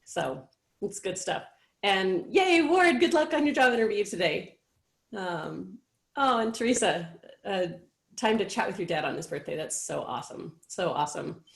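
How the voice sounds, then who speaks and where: A woman hosting a casual live show, chatting encouragingly with frequent pauses and "um"s. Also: mid-range voice, sing-song, gravelly, echoey room. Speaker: host.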